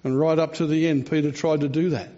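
A man preaching, his voice pitched a little high, who tells the story with feeling and slows down for dramatic moments. The sound is dull and lo-fi, like an old church recording. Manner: expressive storytelling with dramatic slowdowns. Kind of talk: sermon.

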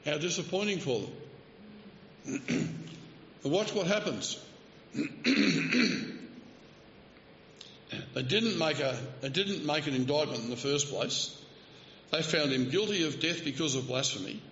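A man's voice: fairly high pitch, animated, slow pace, pauses often, a bit bright, a little hiss or hum. A male preacher delivering a sermon, telling the story vividly and acting out the quoted speech, with light asides. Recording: roomy hall, slightly dull sound.

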